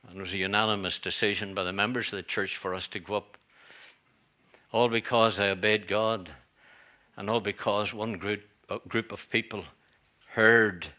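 Man, middle-aged pastor, church sermon, low voice, bright forceful tone, earnest repeats. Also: fairly even intonation, normal speed. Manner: earnest preaching with asides and rhetorical repeats.

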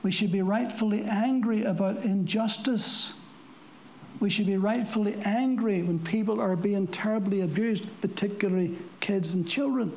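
A preacher giving a sermon to a congregation, talking plainly with rhetorical questions and dry asides, slowing down for scripture quotes. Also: medium pitch, darkish tone, a little hiss or hum, low-quality recording. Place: church service before a congregation.

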